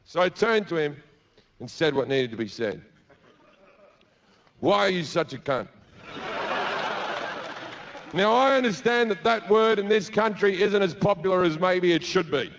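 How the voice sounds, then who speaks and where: Performing stand-up, an Australian comedian with a high, animated voice tells a crude, profane story, acting out its characters at a measured pace with long pauses. The live recording is dull, lo-fi and noisy.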